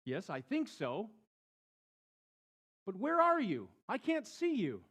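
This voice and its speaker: A man acting out a terrified man who is hanging from a branch on a cliff and shouting and pleading for help in a strained, high voice. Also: huge pitch swings, slow, slightly rough, exaggerated voice.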